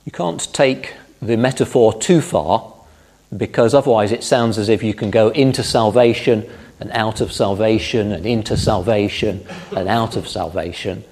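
Low-voiced man teaching a sermon. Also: normal speed, a little hiss or hum. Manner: calm, explanatory, stresses key phrases. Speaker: preacher.

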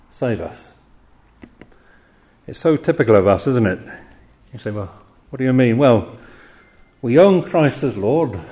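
Older guy preaching a bible sermon, laughs a lot between lines, middle pitch. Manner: warm chuckling asides, dramatic quoted cries. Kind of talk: expository sermon.

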